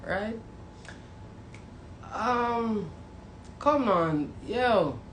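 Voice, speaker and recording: A woman with a Jamaican accent ranting casually and profanely to her viewers, half joking, turning from mumbled apologies to loud outbursts. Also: on the high side, lively intonation, drawn-out words. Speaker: vlogger. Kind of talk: casual comedic rant to viewers. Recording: roomy echo, faint background noise.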